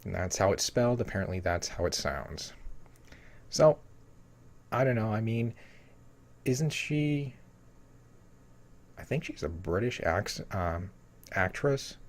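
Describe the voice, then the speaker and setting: A man with a somewhat low voice talks through an upcoming episode in a loose, unscripted way. He reads lines from a summary and then wanders off on tangents. He fills every gap with "you know" and "um". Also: lively intonation, slow pace, pauses often. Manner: rambling, heavy with "you know" fillers. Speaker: TV episode spoiler commentator. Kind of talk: casual spoiler rundown reading from a summary.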